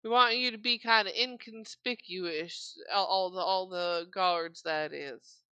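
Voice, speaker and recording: A woman's voice: fairly low pitch, unhurried, sharp tone, clean tone, no room sound. A woman voicing a practical, green-spotted mother who hires guards for a wedding. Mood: businesslike.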